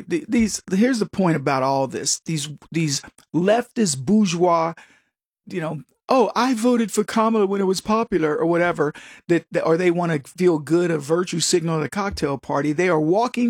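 A man's voice: on the high side, slightly rough, no room sound, clean studio sound. A man giving an opinionated, combative monologue as a commentator, who is from the United States and mocks other voices as he talks. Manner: emphatic, combative, mocking quoted voices.

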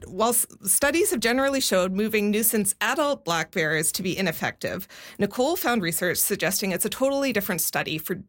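A woman's voice: mid-range voice, fairly bright tone. Woman reporting on air. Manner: explanatory, with frequent fillers. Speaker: radio reporter. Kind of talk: conversational news report.

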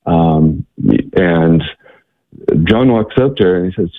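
A man's voice: sits low, measured pace. A man telling a story as a guest, hesitant, with many fillers and restarts. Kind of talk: storytelling in conversation. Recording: tinny phone line.

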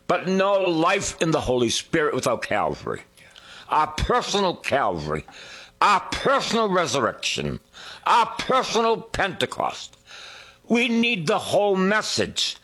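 A man preaches in a slow, husky voice that rises and falls widely. He leans hard on key words, breaks into sung hymn lines and then sinks to a hushed whisper. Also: mid-range voice. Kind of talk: sermon.

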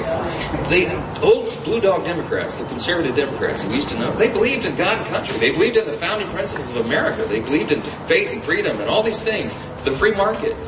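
A man delivering an emphatic campaign stump speech at an event, throwing rhetorical questions to the crowd. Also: mid-range voice. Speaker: politician speaking at a campaign event. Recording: roomy, distant, muffled event audio with noise.

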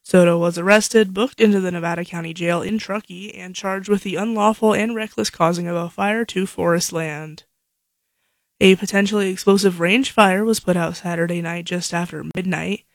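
A female local news anchor reading headlines in a steady, measured way. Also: lowish voice, no echo.

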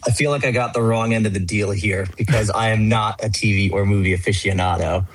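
A man playing a trivia game, thinking his answers through out loud with some hesitation. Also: on the low side, a little fast, slightly rough, no room sound, rough recording. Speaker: quiz contestant. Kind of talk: casual chat.

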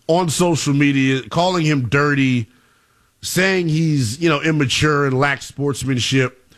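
A man hosting a sports talk radio show, excitable and emphatic as he talks to callers. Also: on the high side.

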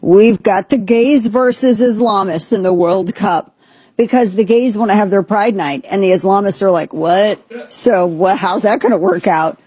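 Husky-voiced woman hosting talk radio. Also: medium pitch, normal speed, a little mellow, no room sound. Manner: incredulous, joking, trailing restarts. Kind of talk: casual on-air commentary.

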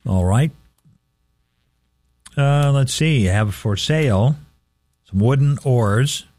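Midwestern male local radio host, slow and chatty, dry studio sound. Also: mid-range voice, lively intonation, darkish tone, no room sound. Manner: slow, chatty, repeats numbers carefully. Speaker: radio swap shop host. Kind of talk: casual radio classifieds reading.

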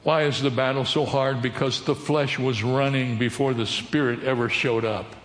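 A man preaching to his congregation, his medium-pitched voice ringing through a large hall with long reverb. He teaches in a steady sermon manner and keeps putting questions to his listeners. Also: normal speed. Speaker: pastor.

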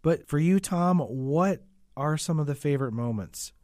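A man's voice: on the high side, expressive, normal speed, darkish tone, no echo, studio quality. A man interviewing the host on the radio, asking questions in an upbeat way.

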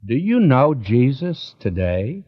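A man preaches slowly and earnestly, his pitch rising and falling widely as he presses direct questions on his listeners. The recording is dull and lo-fi. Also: sing-song. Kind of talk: sermon.

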